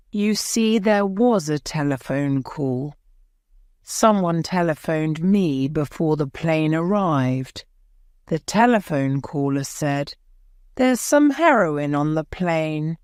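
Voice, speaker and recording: A woman's voice: low-pitched, expressive, takes it slowly, a little mellow, smooth, no room sound, clean studio sound. A woman voicing a nervous male airport policeman giving hesitant, polite answers in court. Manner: hesitant, deferential, adds "sir".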